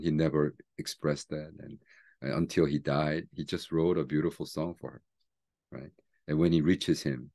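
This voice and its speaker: A man, a seminary teacher and pastor, chatting casually about a book and reading its poems aloud slowly and softly. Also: very deep voice. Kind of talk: book talk with poetry reading.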